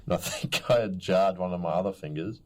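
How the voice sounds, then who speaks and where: Young man, podcast co-host, very low voice, lively storyteller. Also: fairly quick, slight background noise. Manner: animated storytelling, acts out others' voices. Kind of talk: casual chat.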